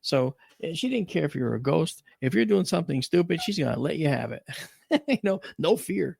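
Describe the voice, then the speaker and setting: A man's voice: on the high side, big pitch swings, fairly quick, creaky, darkish tone, husky, no echo, clean studio sound. A man hosting a talk show, chatting casually and telling rambling, emphatic stories. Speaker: radio show host. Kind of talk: casual storytelling chat.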